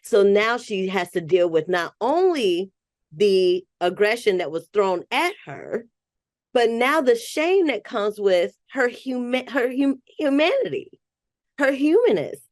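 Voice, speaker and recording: A woman's voice: on the high side, sing-song, a little slow, no echo, studio quality. A woman therapist in a podcast conversation, talking in a reflective way and thinking aloud as she goes. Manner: reflective, thinks aloud with restarts and soft laughs.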